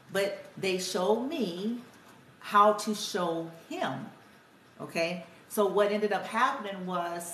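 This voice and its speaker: A woman's voice: medium pitch, a bit bright, far from the mic, slight background noise. A woman telling a reflective, conversational story about her parenting, quoting her son and herself as she goes. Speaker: spiritual healer and parent vlogger. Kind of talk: casual storytelling monologue. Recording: echoey room, somewhat off-mic, faint ambience.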